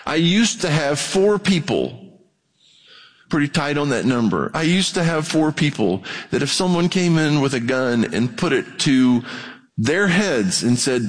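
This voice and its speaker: A man's voice: fairly high pitch, big pitch swings, a little slow, big-room sound. A man preaching a conversational sermon as pastor, telling stories and acting out the voices he quotes. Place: church.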